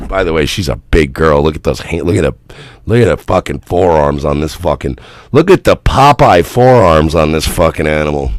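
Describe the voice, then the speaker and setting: A man's voice: lowish voice, normal speed, no room sound, studio quality. A man hosting a radio show, reacting to video clips with laughter and lots of swearing. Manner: laughing, profane, animated. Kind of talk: casual reaction commentary.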